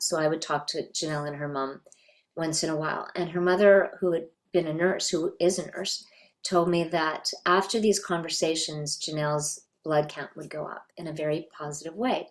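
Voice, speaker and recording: Reflective middle-aged woman, lower voice. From Canada. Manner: reflective, thoughtful storytelling. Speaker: voice actress guest. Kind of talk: reminiscing interview.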